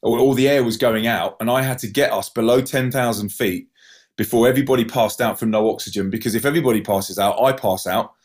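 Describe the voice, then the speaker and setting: A man telling a personal story in an animated way, stumbling over restarts and acting out other people's cries. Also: fast talker. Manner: acts out voices with sudden high yelps; many restarts and repeated words.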